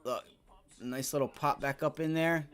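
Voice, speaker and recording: A man's voice: fairly high pitch, steady tone, normal speed, fairly bright tone, clear, resonant tone. Casual man giving live trading commentary. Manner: casual, coaching, swears freely. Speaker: day trading livestream host. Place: home trading office.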